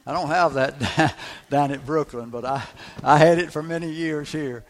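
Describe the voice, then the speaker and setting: A man's voice: on the high side, moderate pace. A man preaching a sermon, emphatic, repeating key phrases and asking the congregation rhetorical questions.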